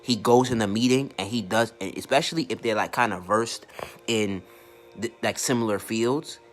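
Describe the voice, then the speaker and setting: A man who coaches online marketing delivers a casual, profane, blunt rant to camera, repeatedly tripping over words. His voice is lowish, at normal speed.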